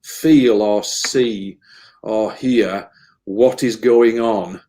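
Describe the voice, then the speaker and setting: A man's voice: on the low side, fairly even intonation, very slow, mellow. Earnest, rambling man. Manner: earnest, emotional, meandering with repeated words. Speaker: medium, interview guest. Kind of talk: casual spiritual interview talk.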